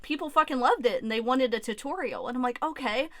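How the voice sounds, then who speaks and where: A woman's voice: on the high side, lively intonation, fast, no room sound, clean studio sound. A young woman telling a candid, emotional story about her life online, swearing freely and full of restarts. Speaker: YouTuber. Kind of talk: personal storytime vlog.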